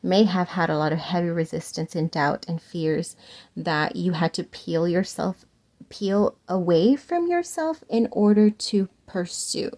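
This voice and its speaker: Brief: a woman reading tarot, telling a story in a chatty, animated, loose way. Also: fairly low pitch, a little slow. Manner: chatty, animated, laughs often, casual swearing. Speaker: tarot reader.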